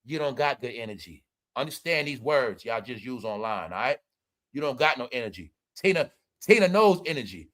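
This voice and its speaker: Male vlog host, sharp and bright tone, profane ranting commentary aimed at the audience. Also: on the high side. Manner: profane, scolding, talks straight at the audience; big swings between loud and muttered. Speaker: celebrity gossip commentator.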